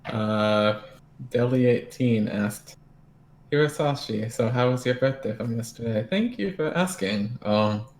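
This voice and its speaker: A man's voice: medium pitch, expressive, measured pace. Laid-back young man in a roomy space. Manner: laid-back, laughing easily. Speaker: podcast co-host. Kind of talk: casual podcast chat.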